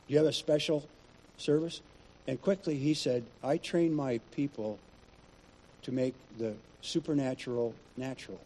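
A man's voice: mid-range voice, warm tone, slightly rough, low-quality recording. A male pastor preaching in a conversational, storytelling way. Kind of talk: sermon.

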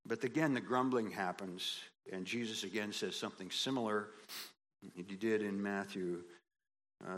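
A man preaching a sermon, animated and folksy, acting out quoted voices and building to emphatic peaks. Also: on the low side, normal speed. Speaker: pastor.

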